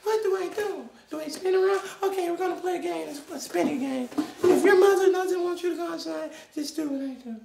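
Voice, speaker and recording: A woman plays a restless little kid stuck indoors, whining and chattering in a childish sing-song for a playful, comedic character vlog. Her voice is very high, gravelly, and a little fast. The recording has an echoey room, a distant mic, and faint noise.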